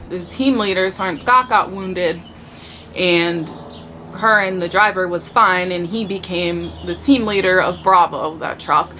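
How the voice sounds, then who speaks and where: A woman's voice: fairly low pitch, pushed and bright, a little hiss or hum. A woman who served in the army, giving an earnest, conversational personal testimony full of fillers and restarts.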